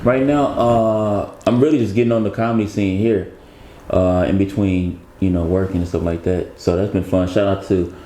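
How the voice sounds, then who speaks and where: A man's voice: low voice, steady tone, normal speed, warm tone. A man, a guest in a casual interview, talking in a laid-back, rambling way and laughing as he jokes. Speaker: interview guest, actor and comedian. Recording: roomy echo with faint background noise.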